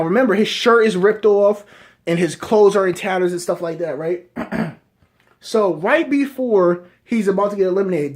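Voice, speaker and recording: A young man reviewing a show in casual commentary, rambling as he pitches an idea and often tagging sentences with "right?". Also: a little mellow. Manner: rambling, keeps asking "right?". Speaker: video reviewer.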